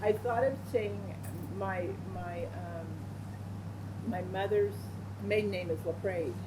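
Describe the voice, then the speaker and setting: A woman at a writers' group asks a question, hesitant and halting with many fillers. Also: medium pitch, background noise. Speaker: attendee asking a question. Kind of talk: casual group discussion.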